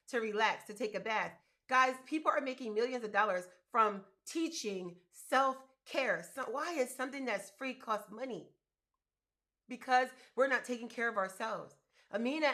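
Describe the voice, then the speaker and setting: A woman in her fifties talks straight to her viewers in a casual livestream, emphatic and repetitive. She leans hard on her key words. Her speaking voice sits fairly high. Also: a bit bright. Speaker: business coach and livestream host.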